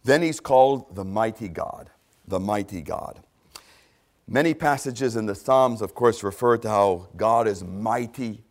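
An older man preaching a sermon, animated, swinging between loud exclamations and hushed asides. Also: lowish voice, a little slow. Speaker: pastor.

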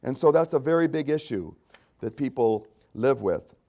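A man's voice: animated, normal speed. An older man preaching a sermon, reading scripture aloud and speaking with dramatic rises and drops in emphasis. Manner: reads scripture aloud with dramatic swings in pitch and loudness. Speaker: pastor.

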